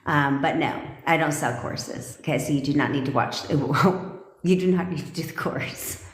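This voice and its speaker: A blunt woman coach chatting loosely to her livestream audience. She swears constantly and laughs between points, with a slightly low voice. The room around her sounds echoey. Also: normal speed. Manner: blunt, profane, laughing often. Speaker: manifestation coach. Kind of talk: casual livestream talk.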